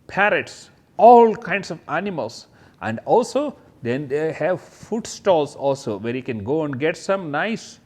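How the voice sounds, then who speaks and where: A man teaching kindergarten children, talking straight to them about letters and toys in a slow, sing-song way and imitating sounds. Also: mid-range voice, a little mellow.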